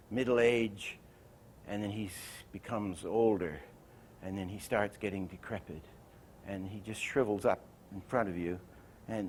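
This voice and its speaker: A man's voice: on the low side, a little mellow, slight background noise. An older man giving a lecture on animation, telling anecdotes and acting out the lines he quotes. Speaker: animation teacher.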